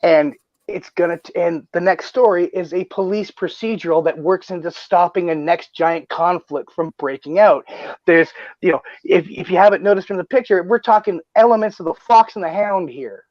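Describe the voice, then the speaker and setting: Male streamer, high-pitched and passionate, swears a lot; dull, dry mic sound. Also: moderate pace, dry recording. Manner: excited, swears often, many restarts. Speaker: stream host. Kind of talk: casual livestream chat.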